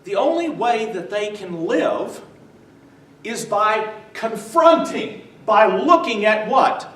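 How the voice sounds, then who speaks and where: A man with a high voice lectures slowly to a church class, stopping often to prompt his audience to finish a sentence, and chuckling as he tells his stories. He is picked up from well across a roomy, echoing space. A faint hiss sits under the whole recording. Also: animated, fairly bright tone. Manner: quizzes the audience with "what?" prompts; chuckles while telling stories. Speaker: visiting lecturer on the New Testament. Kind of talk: church adult-education lecture. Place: church meeting room with a live audience. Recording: echoey room from far off, faint noise.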